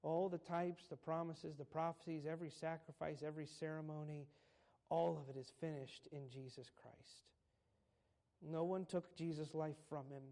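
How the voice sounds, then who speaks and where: A male pastor preaching a sermon, telling stories and building to slow, emphatic points. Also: a little high, steady tone, mellow. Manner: preaches with swelling emphasis, slowing on key phrases.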